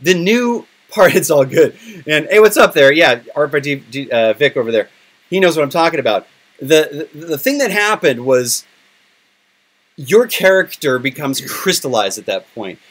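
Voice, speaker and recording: A middle-aged man with a voice sitting a little high for a man, talking in loose, candid podcast chat. He gets emotional and swears freely as he opens up. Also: expressive, moderate pace, a bit bright. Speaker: podcast host. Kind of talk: casual chat.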